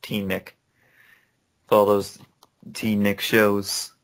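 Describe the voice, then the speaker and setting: Young man, low gravelly voice, casual podcast chat, rambling, laughs a lot. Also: little pitch movement, slow. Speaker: podcast co-host.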